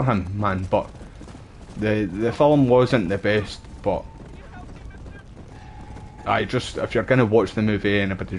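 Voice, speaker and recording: A Scottish man streams a game and chats casually, rambling from one story to the next and dropping local slang. His voice is lowish, with slight background noise behind it.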